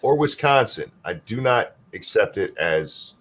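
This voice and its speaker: A man with a husky, slightly rough voice that swings widely in pitch. He co-hosts a casual live stream and talks in a blunt, animated way, dropping the odd swear word. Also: unhurried. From Michigan. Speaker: co-host.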